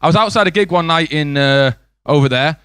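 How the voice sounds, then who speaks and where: A young English comedian works the room with quick asides and crowd banter, his voice pitched a little high. The sound is dry and close, with almost no room echo. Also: fairly bright tone, smooth. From England. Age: 20s. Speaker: stand-up comedian. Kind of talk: stand-up comedy set. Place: comedy club stage.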